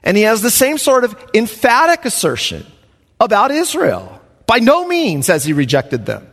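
Animated preacher man in reverberant hall. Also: high voice, normal speed. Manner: animated, emphatic, chuckles often. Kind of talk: evening Bible study sermon.

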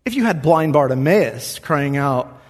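A man's voice: on the high side, expressive, a little slow, big-room sound. A man preaching a sermon as pastor, earnest and conversational, acting out quoted voices as he goes.

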